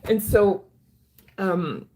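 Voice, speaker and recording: Woman vlogger, earnest storyteller, halting delivery, mid-pitched voice. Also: lively intonation, mellow. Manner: halting, earnest, many restarts. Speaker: vlogger recounting her life. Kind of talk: personal storytelling.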